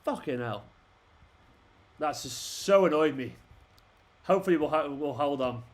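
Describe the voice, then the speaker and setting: A young man talks through a live football match for his stream, a touch higher-pitched than most men. He shouts at the players on screen, swears freely and rants when they miss chances. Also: expressive, normal speed. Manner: frustrated ranting, swearing, talking to the players on screen. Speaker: fan channel host. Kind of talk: live football watchalong commentary.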